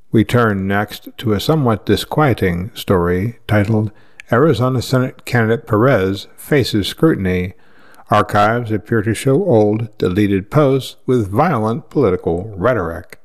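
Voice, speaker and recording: A man reading news articles aloud in a steady, measured way, with the odd slip. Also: lowish voice. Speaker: news reader.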